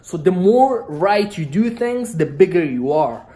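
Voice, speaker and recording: A woman's voice: fairly low pitch, animated, measured pace, dark tone. A woman from Iran talking casually to camera about business, rambling and joking, tagging lines with "okay?". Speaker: vlogger. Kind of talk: casual motivational monologue to camera.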